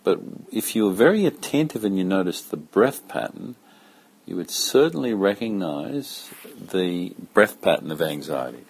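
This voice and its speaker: A man giving a slow, calm spoken lesson as a yoga teacher, talking in a measured, deliberate way with pauses. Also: sits low, gravelly, background noise.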